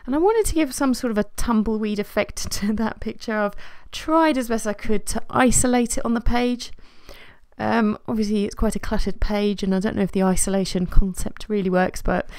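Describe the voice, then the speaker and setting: Woman, craft vlogger, relaxed self-deprecating narration, dry close sound. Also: medium pitch, moderate pace, no room sound. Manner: chatty and self-deprecating, with soft laughs and trailing fillers. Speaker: scrapbooking vlogger. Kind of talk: casual voice-over narration of a craft process.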